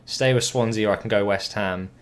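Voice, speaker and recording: A young man commentating on his own football video game match, casual and chatty, with swearing and sudden excited outbursts. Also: fairly low pitch, brisk. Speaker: gaming commentator.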